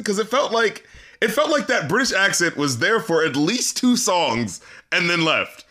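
A man's voice: high-pitched, big pitch swings, normal speed, sharp tone. A man co-hosting a podcast, chatting casually about an album, laughing often and dropping into mocking quotes. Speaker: podcast co-host. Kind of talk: casual album-review chat.

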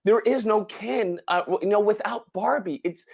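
A man co-hosting a podcast, retelling a movie plot in casual chat with animated, dramatic exclamations. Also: sits high, moderate pace, vocal fry. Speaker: podcast co-host.

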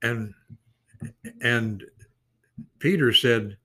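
A man's voice: mid-range voice, extremely slow, a bit bright, breathy edge. A man teaching the Bible in a casual conversation, folksy and emphatic, often restarting his sentences.

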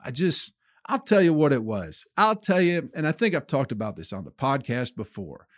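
A man's voice: mid-range voice, sing-song, moderate pace, dry recording, clean studio sound. A man hosting his own comedy podcast, delivering a rambling, profane monologue that he aims at listeners he calls people. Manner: acts out his own inner voice in quotes.

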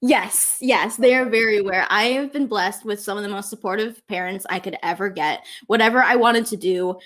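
A woman's voice: medium pitch, moderate pace, a bit bright. A young woman in her twenties, a guest on an interview show, chatting in a bubbly way and laughing often as she retells stories. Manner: bubbly, laughs often, acts out quoted people. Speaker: guest, social media creator. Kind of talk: casual interview chat.

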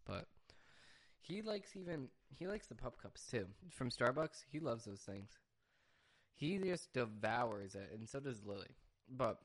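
A young man hosting a casual solo podcast, chatting in a rambling way and often breaking off to hush his dog. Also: medium pitch. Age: young adult. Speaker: podcast host.

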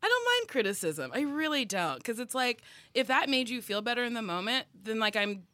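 A woman in her thirties, a comedian and actress, chatting in an interview and telling animated stories with frequent laughter. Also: a little high, brisk, dry recording. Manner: animated storyteller, laughs often, swears. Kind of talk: casual interview chat.

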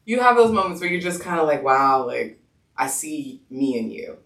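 A woman telling her birth story in casual chat, an animated storyteller who acts out quotes and laughs often. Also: deep voice, moderate pace. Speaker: podcast guest. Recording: echoey room, mic at a distance.

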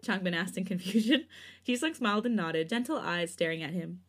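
A woman co-hosting a podcast, narrating fan fiction in a steady, even reading voice. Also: on the low side, a little fast. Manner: smooth, steady reading, giggly in chat. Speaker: podcast co-host.

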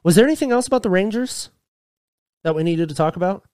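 A young man co-hosts a podcast in loose, joking chat, swearing freely as he rambles. His voice sits slightly high. The recording is dry and close to the mic. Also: animated, fast, a little mellow, no echo. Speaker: podcast co-host. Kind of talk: casual chat.

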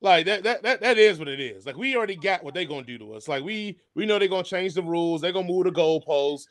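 A man's voice: high-pitched, expressive, fast talker, fairly bright tone. A man co-hosting a casual podcast, talking emphatically and joking. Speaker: podcast co-host.

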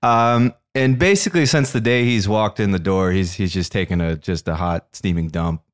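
A man's voice: sits low, moderate pace. A man co-hosting a casual podcast as the crypto expert, ranting with many stammered restarts.

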